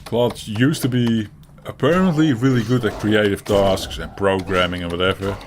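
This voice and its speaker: Rambling casually on a gaming chat show, this co-host from the Netherlands speaks with a Dutch accent, chuckles frequently, often restarts and swears occasionally. He has a fairly low voice at a moderate pace, with typing and background noise audible behind him.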